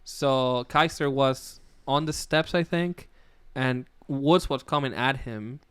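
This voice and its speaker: A man's voice: medium pitch, slow pace, a bit bright, smooth, dry recording. A man with a Midwestern American accent co-hosting a casual wrestling podcast, laid-back and rambling, swearing and laughing often. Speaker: podcast co-host.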